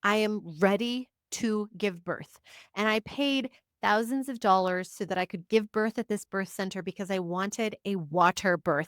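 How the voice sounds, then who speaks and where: A woman's voice: medium pitch, unhurried, no echo, clean studio sound. Emphatic woman talking to camera. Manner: emphatic, repeats short affirmations; chatty, frequent "like" fillers. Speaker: psychic reader and spiritual teacher. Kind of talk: casual personal monologue to camera.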